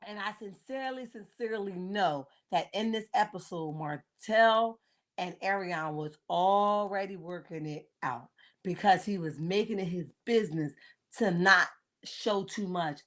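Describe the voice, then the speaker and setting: A woman's voice: medium pitch, a bit bright. Sassy woman in her forties hosting a live chat. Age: 40s. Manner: sassy, blunt, keeps checking in with "okay?"; greets viewers by name as they join. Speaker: livestream host. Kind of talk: casual live-chat commentary on reality TV.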